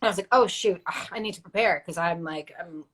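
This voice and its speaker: Animated woman telling a story on a video call. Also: on the low side, brisk. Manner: animated storytelling, acts out quotes. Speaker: actress guest. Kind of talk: casual interview.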